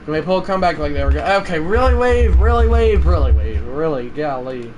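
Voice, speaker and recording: A young man streaming live gameplay commentary, swinging between loud outbursts and low muttering to his viewers. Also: very animated, a little fast, noisy background. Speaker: livestreamer.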